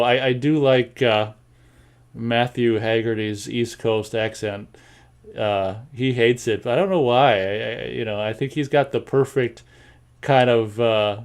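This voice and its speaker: A man's voice: medium pitch, fairly even intonation, a little slow, smooth. A man with a General American accent hosting a casual live show, reading chat comments and rambling with many fillers and repeated words.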